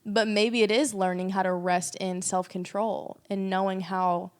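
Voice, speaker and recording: A woman on a faith podcast speaks in a reflective, searching way, working through her ideas as she talks. Her voice sits at an ordinary middle pitch. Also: flat delivery, measured pace, smooth. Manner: reflective, thinking aloud. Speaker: podcast co-host.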